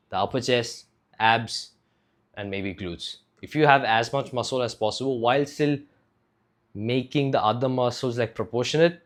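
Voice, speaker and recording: Young man, from India, fitness vlogger, casual to-camera talk, rambling, swears a lot, average pitch. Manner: rambling, loose and profane, many "like" fillers.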